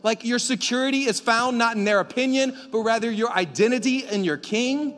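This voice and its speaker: A man preaching a sermon as pastor, energetic, climbing at times to near shouts. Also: very high voice, fairly quick, few pauses. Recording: echoey hall with faint music.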